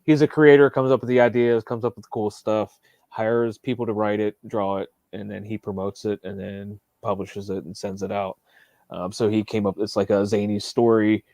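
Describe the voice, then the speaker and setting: A man guests on a livestream interview over a remote setup. He talks about his comics in a laid-back, rambling way. His voice sits on the low side, and the sound is dry. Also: level tone, moderate pace, darkish tone, no room sound. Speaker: comic book writer guest.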